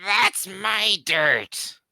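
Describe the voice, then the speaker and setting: A man's voice: high-pitched, lively intonation, very slow, creaky, bright, forceful tone, no room sound, pitched above the performer's own voice, full character voice. A man voicing a tiny pink hoofed creature that whines and shrieks over its dirt. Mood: whiny. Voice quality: whiny.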